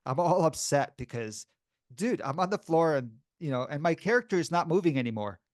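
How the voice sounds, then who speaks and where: Animated laughing man telling stories. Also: fairly high pitch, fairly quick, dry recording, clean studio sound. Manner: animated, laughs often, acts out voices in his stories. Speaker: podcast co-host. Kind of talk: casual storytelling chat.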